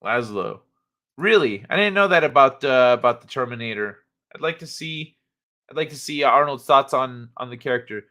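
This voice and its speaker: A young man hosting a laid-back livestream, chatting and reading news out loud with frequent swearing. His voice is bright and forward, and he talks in a loose, offhand way. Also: mid-range voice, lively intonation, moderate pace. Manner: chatty, swears casually, reads articles with asides. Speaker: livestream host. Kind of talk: casual chat reading news and chat aloud.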